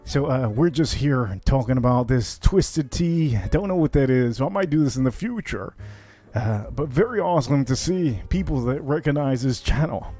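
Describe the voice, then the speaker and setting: Male cocktail streamer, casual rambling chat, lively pitch, light music underneath. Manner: chatty, rambling, animated asides. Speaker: livestream whiskey cocktail host.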